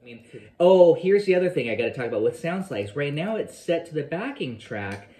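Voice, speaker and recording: A man's voice: on the high side, big pitch swings, brisk, mellow. A man teaching a guitar lesson, scatting the phrases he plays and counting beats aloud between loose, rambling explanations. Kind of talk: guitar lesson with scat-singing. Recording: roomy sound with guitar playing behind. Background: guitar playing.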